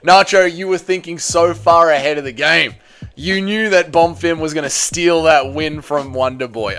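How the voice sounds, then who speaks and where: An Australian man hosts an MMA live stream in a slightly high, fairly bright, clear and resonant voice. He reads out viewer comments and answers them with blunt, laddish banter full of slang and swearing.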